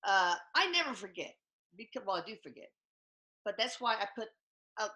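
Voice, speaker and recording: A woman host, chatting in a casual, self-mocking, animated way. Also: mid-range voice. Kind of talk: casual chat. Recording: echoey room.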